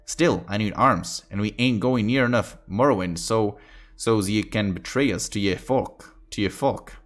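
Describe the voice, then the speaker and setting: A grizzled, one-armed old army sergeant speaks in a put-on mock Scottish accent, his voice low and gravelly in tone. A man voices him while reading a storybook aloud, and soft music plays faintly behind. He talks in broad, rustic old-soldier speech. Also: moderate pace, lightly acted. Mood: gruff, wary.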